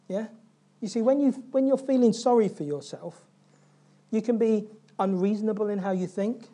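Male pastor, sermon delivery, mellow tone, lively storytelling that acts out the characters. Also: sits high, moderate pace. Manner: animated storytelling, acting out biblical figures' lines; asks the congregation questions.

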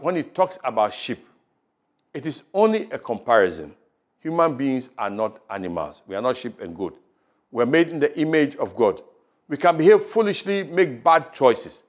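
A man with a Ghanaian English accent preaching a sermon, with rising emphasis and quiet drops. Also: medium pitch. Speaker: pastor. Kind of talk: radio sermon. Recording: radio broadcast.

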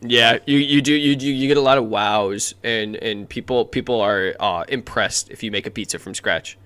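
A man's voice: mid-range voice, fairly bright tone, clean tone, no echo. A young man co-hosting a casual podcast, joking around and teasing his friends. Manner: joking, playful, quick to laugh. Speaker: podcast co-host. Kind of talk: casual chat.

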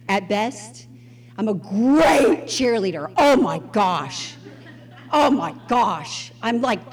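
High-voiced animated woman preacher. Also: big-room sound. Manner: animated storytelling, acts out quoted voices, laughs often. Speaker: speaker at a women's Bible study. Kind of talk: sermon with personal stories. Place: Houston church gathering.

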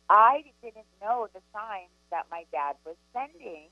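A woman co-hosting a live spiritual talk radio show as a medium, chatty and animated as she tells stories. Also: mid-range voice, no room sound, highs cut off, faint music behind. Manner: chatty, animated storyteller, quick asides. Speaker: psychic medium co-host.

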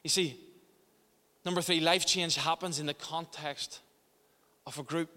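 A man's voice: fairly high pitch, fairly even intonation, unhurried, bright, forceful tone, big-room sound. A man preaching a sermon as pastor in a church, impassioned, often restarting and repeating words.

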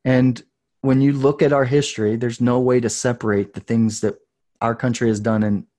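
A man in his thirties talks as a podcast guest, warm and mellow in tone. He tells his story in an earnest, intense way, and at times he gets loud and passionate. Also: mid-range voice, little pitch movement, normal speed. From United States. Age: 30s. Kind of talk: casual storytelling.

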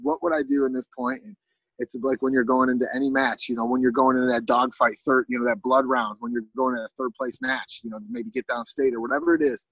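A man's voice: medium pitch, fairly even intonation, fast talker, a bit bright, husky, no room sound, poor audio. A man casually telling a long story as a podcast guest, rambling with lots of fillers and restarts.

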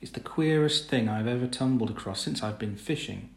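A man playing a gruff, blunt fisherman who talks in rough sailor slang, recorded with a roomy echo. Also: medium pitch, fairly quick, natural voice. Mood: wondering.

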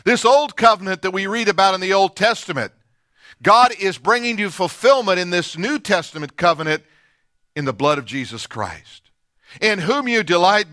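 Male pastor, high bright voice, dry close sound; delivers a sermon with dramatic swings from loud to hushed. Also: expressive, moderate pace, no room sound.

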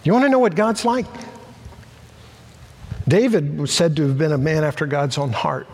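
A man's voice: a little high, very animated, normal speed, slightly rough, big-room sound. A man preaching a sermon, reading scripture and stressing key words with rising force. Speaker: pastor.

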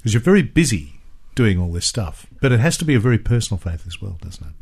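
A man's voice: on the low side, very animated, fast talker, gravelly, a little mellow, husky. A man hosting a radio interview, asking questions in a friendly, conversational way. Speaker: radio host.

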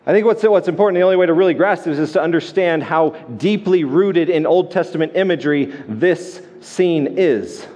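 A man delivers a sermon in a church in a conversational style, pausing, restarting and doubling words as he goes. His voice sits a bit higher than most men's. The sound rings with the long reverb of a large sanctuary. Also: darkish tone. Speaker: pastor.

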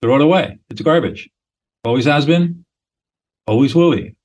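A man's voice: mid-range voice, lively intonation, moderate pace, darkish tone, rough recording. A man speaking as a guest expert in a podcast interview, explaining in a blunt, emphatic, lecturing way with short declarative statements.

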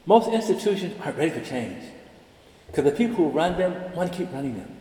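An older man of around seventy speaks with a soft, mellow tone that swings up and down as he tells stories and acts out the dialogue. His convocation address fills a large chapel. The long reverb rolls around the hall behind every phrase. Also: on the high side, brisk. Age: about 70. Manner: animated storyteller, acts out dialogue. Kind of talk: ceremonial address with personal stories.

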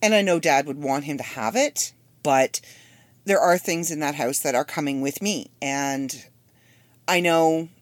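A woman's voice: low voice, no echo. A woman in her fifties hosting a solo podcast, chatty and rambling with wry asides. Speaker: podcast host. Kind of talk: casual solo podcast monologue.

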